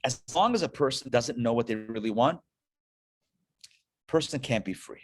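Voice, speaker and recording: A man, a rabbi, giving a lively lecture with storytelling to a live class, talking conversationally and checking in with listeners through quick questions. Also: mid-range voice. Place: live class before an audience.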